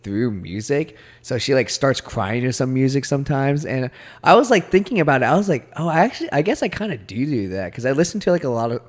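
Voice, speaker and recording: A man's voice: mid-range voice, expressive, brisk. A young man co-hosting a podcast, chatting casually in a rambling, self-deprecating way with frequent laughs. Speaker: podcast co-host. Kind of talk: casual chat.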